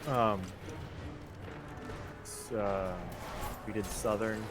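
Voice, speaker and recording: A man player chatting during a tabletop game, speaking in a measured, slightly hesitant way as he explains things. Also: lowish voice, steady tone, over music. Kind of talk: casual chat among players.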